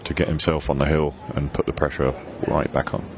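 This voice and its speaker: Very deep-voiced male pool commentator. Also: level tone, fairly quick, background noise. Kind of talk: live sports commentary.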